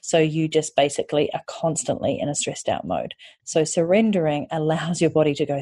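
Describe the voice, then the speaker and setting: Low, husky-voiced woman host. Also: expressive, fairly quick, dark tone, no echo. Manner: candid and chatty, swears casually. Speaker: podcast host and online course creator. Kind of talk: casual podcast monologue.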